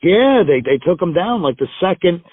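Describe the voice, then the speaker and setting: A man's voice: sits high, big pitch swings, moderate pace, no echo. A middle-aged man, a guest on an interview show, telling stories in a casual, rambling way with emphatic swearing. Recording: dry, tinny phone line.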